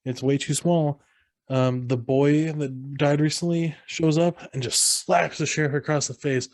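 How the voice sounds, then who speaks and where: A podcast co-host with a slightly high voice speaks in a steady tone at a measured pace, recorded dry. He's casually recapping a film scene by scene and acting out lines in raised voices.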